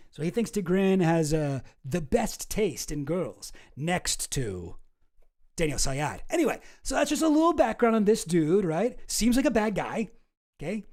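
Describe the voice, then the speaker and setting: A man's voice: high voice, big pitch swings, measured pace, darkish tone. A man hosting casual online commentary, wry and sarcastic as he reads through documents.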